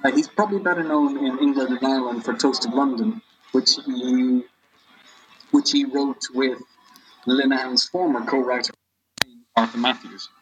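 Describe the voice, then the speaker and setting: A man speaking as a podcast guest, with a middle pitch and a stop-start delivery full of fillers and restarts. There is a faint hum of noise behind him. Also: low-quality recording. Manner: halting, with many restarts and fillers. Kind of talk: casual podcast chat.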